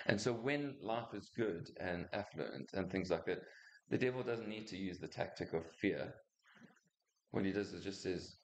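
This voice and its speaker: A male pastor giving a chatty sermon, halting with frequent restarts and asides to the congregation. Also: on the low side. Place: church hall. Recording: echoey church room.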